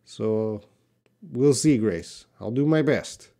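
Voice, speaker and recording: A man teaching English on a live stream, reading out viewers' questions from the chat and answering them in a relaxed way, thinking aloud with many fillers. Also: lowish voice, slow.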